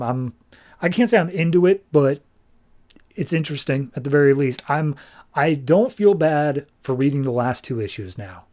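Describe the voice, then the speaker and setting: A man's voice: fairly high pitch, darkish tone. Rambling man reviewing comics. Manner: rambling, filler-heavy, offhand. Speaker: comics podcast host. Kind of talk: casual comic book review.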